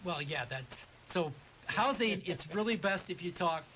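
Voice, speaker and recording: A man's voice: high-pitched, animated, unhurried, sharp tone, a little hiss or hum, low-quality recording. A man who volunteers with a local baseball association, telling stories enthusiastically as a radio guest. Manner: enthusiastic storyteller. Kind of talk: casual radio chat.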